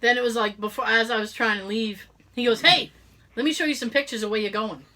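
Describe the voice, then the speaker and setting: A slightly high voice moving at a quick pace comes from a middle-aged woman co-hosting a podcast. She laughs often while telling a story in a casual way, animatedly performing the voices of its people.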